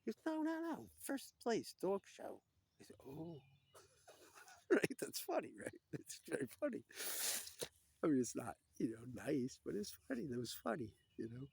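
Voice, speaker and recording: A man's voice: mid-range voice, big pitch swings, moderate pace, gravelly, darkish tone, husky, dry recording. A man casually retelling old cartoon scenes, acting out the characters' lines and chuckling at his own jokes. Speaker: storyteller. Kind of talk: casual rambling monologue.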